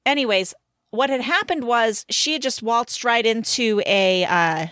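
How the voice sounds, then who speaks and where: A woman in her thirties co-hosting a casual podcast, an animated storyteller who laughs mid-sentence. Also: on the high side, a little slow, clean tone, no room sound, clean studio sound. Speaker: podcast co-host. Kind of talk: casual chat.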